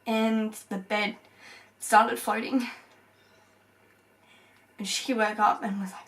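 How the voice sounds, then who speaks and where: A young woman from Australia tells a personal story to camera, halting and tearful, with many fillers and pauses. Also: medium pitch, flat delivery, fairly bright tone, recorded from a distance, low-quality recording. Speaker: vlogger.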